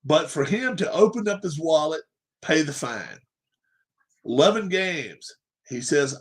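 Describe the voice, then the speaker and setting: This sports livestream host has a fairly high voice with big swings in pitch, speaking at a measured pace with long pauses. His rant is emphatic and opinionated, full of repeated points and rhetorical questions.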